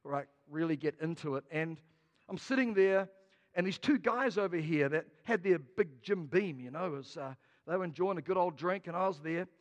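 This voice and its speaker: A man's voice: on the high side, moderate pace, in a large hall. A man with a New Zealand accent preaching a sermon as a pastor, telling stories with jokes. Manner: storytelling, jokey, lively.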